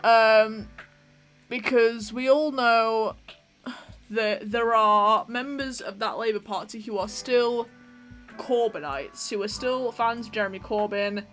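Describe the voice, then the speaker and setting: A woman's voice: medium pitch, fairly bright tone. A young woman hosting a vlog, chatting in an opinionated way and laughing often while she does her makeup. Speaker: vlog host. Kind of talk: casual chat while doing makeup.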